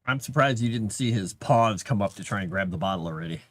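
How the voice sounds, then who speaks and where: A man's voice: on the low side, fast, a bit bright, no echo. A man rambling casually on a livestream, chatting to his cat between thoughts.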